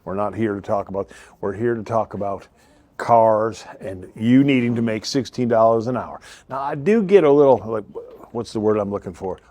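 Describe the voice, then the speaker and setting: A man, a car dealership owner rambling through a joking commercial pitch and laughing at his own jokes. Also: moderate pace, warm tone, no echo. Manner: rambling, laughs often, self-interrupting. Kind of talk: joking improvised commercial spiel.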